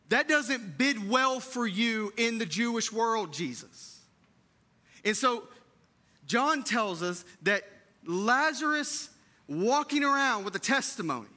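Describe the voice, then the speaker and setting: A high-pitched, bright-toned man preaching to his congregation. He drops to a hushed, tender hush and then climbs into fervent, repeated calls. His voice is forceful and ringing. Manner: repeats phrases with emphasis, addresses the congregation as church. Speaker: pastor. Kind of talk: Easter sermon. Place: church sanctuary.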